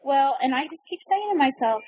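A woman in her thirties telling a frantic personal story in casual chat, animated and breathless, full of restarts. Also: high voice, a little fast, low-quality recording. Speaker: guest storyteller.

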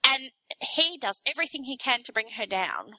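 Bright-voiced Australian woman telling a story. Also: on the high side, moderate pace, dry recording, poor audio. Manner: animated storytelling, acting out politicians in mock voices. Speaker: guest explaining local politics. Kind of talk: casual chat.

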